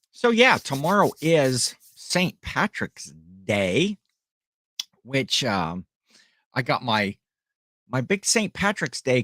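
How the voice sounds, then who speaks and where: A man's voice: medium pitch, fairly bright tone, no room sound, clean studio sound. A man hosting a casual livestream, rambling in a friendly way and chatting with his viewers. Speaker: livestream host and online reseller.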